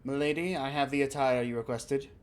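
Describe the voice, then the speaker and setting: A man's voice: mid-range voice, fairly even intonation, brisk, lightly acted. A man voicing a prim, proper middle-aged butler who speaks formally and politely scolds his mistress.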